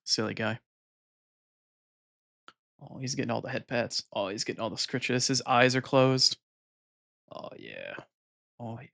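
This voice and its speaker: Chatty male streamer, soft cooing asides. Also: medium pitch, huge pitch swings, moderate pace, creaky. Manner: chatty, coos softly while petting his cat. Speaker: video game streamer. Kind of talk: casual live-stream chat. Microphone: desk microphone.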